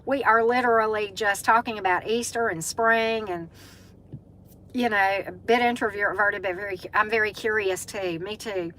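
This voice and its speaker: A woman's voice: medium pitch, steady tone, moderate pace, fairly bright tone, slight background noise, rough recording. A middle-aged woman with a Southern US accent hosts a casual live-stream chat, greeting viewers by name and using lots of fillers. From Southern United States.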